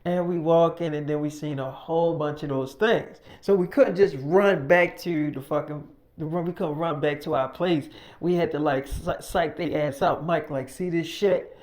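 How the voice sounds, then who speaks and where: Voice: medium pitch, steady tone, moderate pace, hardly any pauses, darkish tone. A storyteller narrating an improvised tale in casual, profane slang.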